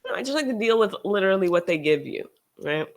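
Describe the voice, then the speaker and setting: A host talking casually on a livestream, animated and sarcastic, often restarting sentences and trailing off. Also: mid-range voice, fast talker. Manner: animated, sarcastic, shifts into mocking quoted voices.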